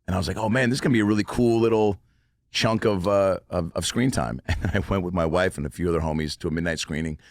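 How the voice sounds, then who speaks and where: A man's voice: low-pitched, fast. A man in his thirties, a comedian guest on a podcast, telling a rambling, profane story in casual chat. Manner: rambling storyteller, swears, laughs often.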